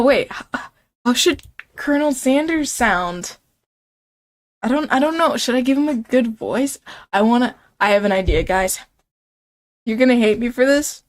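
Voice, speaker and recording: A young woman streaming a game, playfully reading its text aloud and chatting with viewers, giggling often. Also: on the high side.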